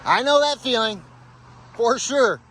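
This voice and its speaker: A man's voice: extremely high pitch, measured pace, fairly bright tone. A man filming himself while hiking on a forest trail, giving an upbeat, chatty casual vlog update and often tossing in "baby". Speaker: thru-hiker vlogger. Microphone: handheld camera, selfie.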